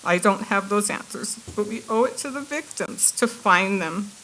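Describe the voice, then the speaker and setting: A woman reads a prepared victim impact statement in a courtroom, her voice breaking with emotion at times. Her pitch sits mid-range for a woman. A faint hiss runs under the courtroom feed. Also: animated, normal speed, fairly bright tone, low-quality recording. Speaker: victim's family member giving an impact statement.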